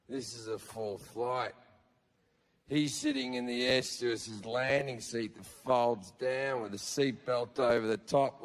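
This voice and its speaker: An Australian man performing profane stand-up comedy, telling stories loudly on a big theatre stage. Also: mid-range voice, long reverb tail. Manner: loud, profane storytelling with frequent shouting.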